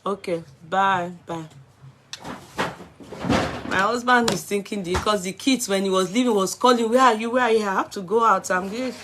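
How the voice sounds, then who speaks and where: A woman's voice: medium pitch, moderate pace, background noise. A middle-aged woman, chatting casually on a live stream, greeting viewers by name and slipping into Yoruba.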